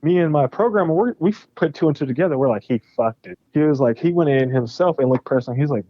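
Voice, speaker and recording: Animated, profane young man telling a story. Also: on the high side, quick pace, few pauses, no room sound, lo-fi sound. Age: young adult. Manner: animated, profane, acts out both sides of conversations. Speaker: game studio founder, guest. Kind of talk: casual podcast storytelling.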